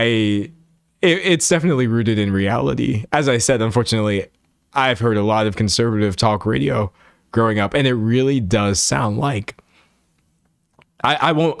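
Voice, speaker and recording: A man's voice: mid-range voice, dry recording, clean studio sound. A man streaming live, chatting casually and reading chat, exasperated and full of restarts, still a little sick. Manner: exasperated, restless, with many restarts and laughs.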